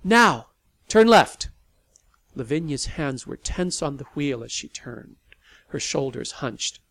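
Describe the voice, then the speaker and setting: A man narrating a novel in an expressive storytelling manner. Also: mid-range voice, unhurried, gravelly. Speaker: audiobook narrator. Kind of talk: scripted narration.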